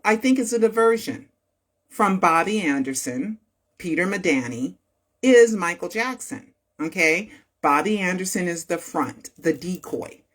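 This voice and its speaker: A woman's voice: fairly low pitch, fairly bright tone. A woman talking casually to her viewers, chatty and emphatic, repeating herself for stress and laughing often. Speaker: online video host.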